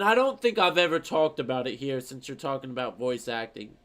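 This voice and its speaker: A man's voice: mid-range voice, big pitch swings, brisk, fairly bright tone. A young man chatting casually on a stream, telling rambling stories with plenty of swearing. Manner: rambling, profane storytelling.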